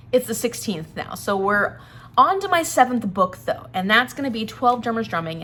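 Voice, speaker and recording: A woman's voice: fairly high pitch, a bit bright, a little hiss or hum. A woman chatting casually about books in a vlog, rambling a little and laughing often. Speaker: book vlogger. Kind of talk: casual chat.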